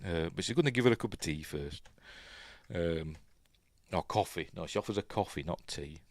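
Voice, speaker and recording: Low-voiced Yorkshire man, chatty and rambling, film commentary recorded dry and close. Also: animated, normal speed, no echo. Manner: rambling, chatty, with many ums and restarts; plays out the characters' lines in quotes. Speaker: film review host. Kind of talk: casual film commentary while watching.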